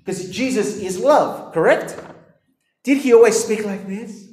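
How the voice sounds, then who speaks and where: A man delivers a sermon in an animated, emphatic way, addressing his listeners directly. His voice sits high for a man. The room adds a strong echo. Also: a little slow. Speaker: pastor. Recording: echoey room.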